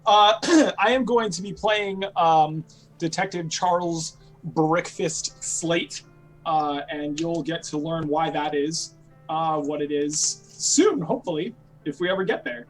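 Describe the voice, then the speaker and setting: A man's voice: a little high, slow pace, faint music behind, low-quality recording. A man playing in a live tabletop game, chatty as he plugs podcast episodes. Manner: chatty, promotional. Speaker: player and podcast co-host. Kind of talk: casual live-stream chat.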